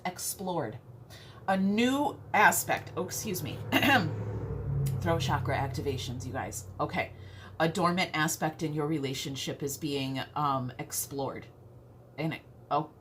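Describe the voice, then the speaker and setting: A woman's voice: deep voice, a little hiss or hum. A woman giving a casual tarot reading, chatty and playful, often checking in with "okay?". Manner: chatty, keeps asking "okay?"; playful and earthy, mild swearing. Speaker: tarot reader.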